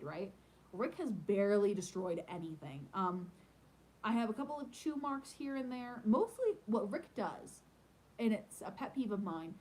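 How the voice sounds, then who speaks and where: A woman chatting casually on her vlog and answering viewer questions. She rambles with frequent ums and turns animated and playful in her stories. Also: a little high, poor audio. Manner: animated and playful when telling pet stories. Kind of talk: casual chat.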